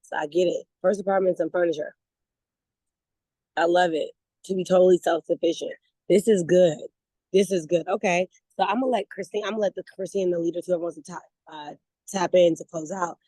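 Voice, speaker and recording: A woman leading a motivational network marketing call, talking in a lively, conversational way, repeating words and laughing as she goes. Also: lowish voice, a little fast, no echo, rough recording. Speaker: network marketing team leader. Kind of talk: motivational talk on a video call.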